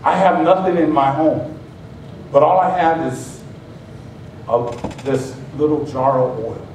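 High-voiced pastor in an echoing church. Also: male voice, takes it slowly, darkish tone. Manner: conversational and joking, acts out scenes. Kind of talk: sermon. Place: church sanctuary. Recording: very echoey hall, mic far off, faint hiss.

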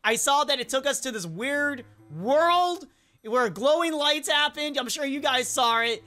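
A woman giving chatty, excitable let's-play commentary and talking to the game characters as a gaming YouTuber. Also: high-pitched, measured pace, soft background music.

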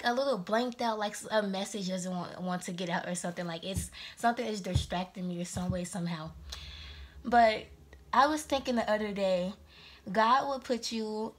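Chatty breathless woman reading tarot. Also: mid-range voice. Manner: chatty and rambling, laughs often. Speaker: tarot reader. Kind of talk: casual tarot reading monologue.

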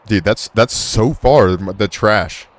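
A gaming YouTuber with a lowish voice takes it slowly while commentating a horror game he's playing. He curses often, jokes around and is easily startled.

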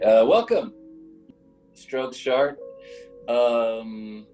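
A man's voice: medium pitch, a little slow, soft background music, low-quality recording. A jokey man in casual chat on a video call. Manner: jokey, bursts into shouted mock outrage. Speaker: band member on a video call.

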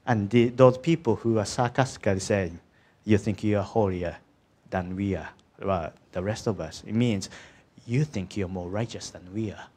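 A man with a lowish, darkish voice preaches at a moderate pace, keeping his sermon conversational and often checking in with the congregation by asking "isn't it?" and "yeah?" His English is a second language, slightly non-native, with small grammar slips.

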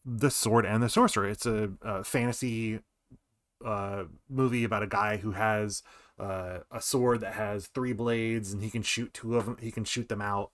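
A man's voice: lowish voice, fairly even intonation, normal speed, a bit bright, dry recording. A man in his forties giving casual, rambling commentary while streaming a game. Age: 40s. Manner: rambling, digressive.

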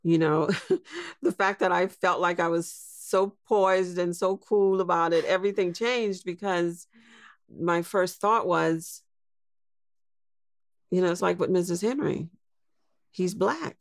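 A woman in her sixties, a podcast guest telling a personal story in a slow, reflective way. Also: fairly low pitch, no echo, clean studio sound. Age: 60s. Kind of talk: storytelling interview.

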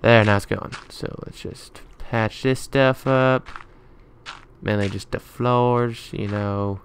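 A man's voice: lowish voice, fairly even intonation, takes it slowly, a little hiss or hum. A man giving rambling let's play commentary, muttering to himself as he plays. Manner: chatty, rambling running commentary; muttering to himself while building. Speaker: gaming YouTuber.

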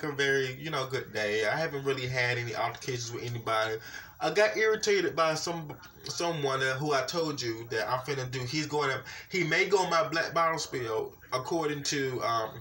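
Young man, animated vlog rant, bright voice, recorded from a distance. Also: mid-range voice. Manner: animated, repetitive, keeps saying "you know what I'm saying". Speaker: vlogger. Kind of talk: ranting personal vlog.

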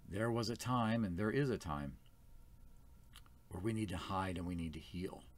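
A man's voice: sits low, moderate pace. A man speaking as first elder of a small church, giving an earnest, plain-spoken sermon.

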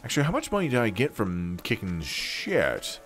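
A man's voice: on the low side, wildly swooping pitch, moderate pace, fairly bright tone, soft background music. A man giving casual, joking, sweary commentary on a video game he is playing. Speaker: let's play gamer.

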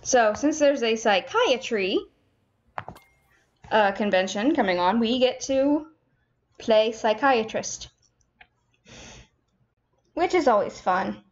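A woman's voice: on the high side, expressive, slow, long pauses. A young woman casually commentating as she plays a management game, chatty and self-mocking, talking to herself as she builds. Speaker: gaming streamer. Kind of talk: casual let's-play commentary. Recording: slightly dull lo-fi home recording.

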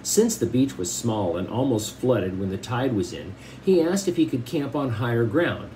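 A man with a mellow, relaxed, mid-range voice reads a novel aloud one chapter at a time, pausing for casual asides that explain it. He speaks at a moderate pace, and the audio is poor, with a faint hiss underneath.

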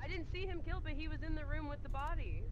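A woman's voice: sits high, fast talker, lo-fi sound. A woman chatting with friends over a voice call while they play a game together, amused and protesting. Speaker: fellow player.

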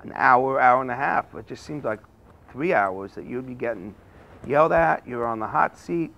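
A man's voice: medium pitch, moderate pace, vocal fry, a bit bright, lo-fi sound. A man, a former student, speaking in a documentary interview and repeating phrases to stress his point.

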